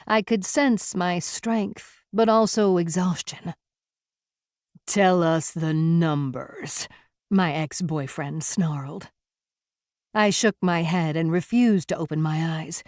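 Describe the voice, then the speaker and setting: A woman narrates a first-person fantasy story at an unhurried, deliberate pace. Her voice sits a little low, and she keeps the telling measured and low-key. The sound is dry and close, with no room around it. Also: darkish tone, dry recording.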